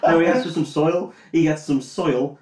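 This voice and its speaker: A man's voice: fairly high pitch, moderate pace, darkish tone, a little hiss or hum. A drunk young man, recapping a film in rambling, sweary casual chat, often unsure of details. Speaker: podcast co-host. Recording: roomy echo.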